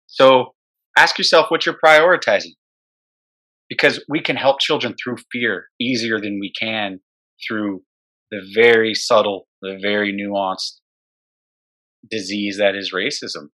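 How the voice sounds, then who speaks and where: A man's voice: lowish voice, steady tone, measured pace, long pauses, sharp tone. A man co-hosting an education podcast, speaking directly and emphatically in casual conversation, sometimes bluntly.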